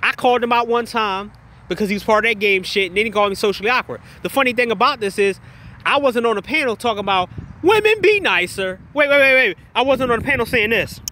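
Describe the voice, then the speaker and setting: A man's voice: sits high, fast talker, pushed and bright, slight background noise. A man in a heated, profane livestream rant, talking straight to his chat viewers and repeating himself. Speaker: livestream commentator.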